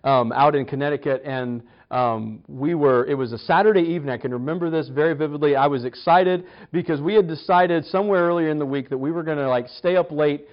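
A man's voice: on the high side, fairly quick, hardly any pauses, dull audio. A man preaching a sermon in a conversational, storytelling way, often restarting and stammering over his words. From United States. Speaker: pastor.

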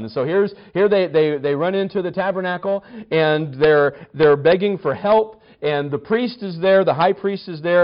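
A man teaching a conversational Bible study, chatty, with wry humor and frequent restarts. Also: fairly high pitch. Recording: slightly dull lo-fi recording.

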